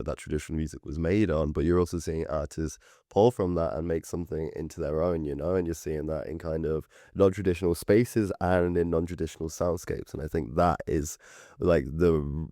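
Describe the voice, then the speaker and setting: Low-voiced man co-hosting a podcast. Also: dry recording, clean studio sound. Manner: relaxed and thoughtful, searching for words. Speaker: podcast co-host. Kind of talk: casual chat.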